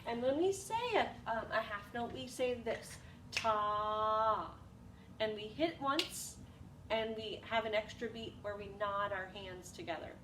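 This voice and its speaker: A woman's voice: mid-range voice, a little slow. A woman teaching an elementary music lesson, patient and encouraging, sometimes singing examples. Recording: echoey room, distant mic, noisy.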